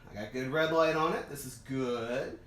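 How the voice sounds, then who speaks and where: A middle-aged vlogger excitedly setting up an old home computer, thinking aloud and tripping over words with delight. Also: medium pitch, normal speed. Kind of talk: casual unboxing and setup commentary.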